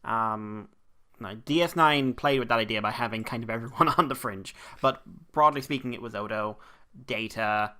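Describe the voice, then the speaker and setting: A man's voice: mid-range voice, normal speed, sharp tone, smooth. An Irish man co-hosting a podcast in casual chat, rambling and laughing as he goes. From Ireland. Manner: rambling, laughing, bursts into mock accents. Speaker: podcast co-host.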